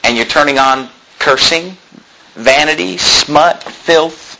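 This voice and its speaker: A middle-aged man preaching a sermon, reading scripture aloud and swinging between loud emphatic peaks and low asides. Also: slow, vocal fry, low-quality recording. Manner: reads scripture aloud in King James wording. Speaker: pastor.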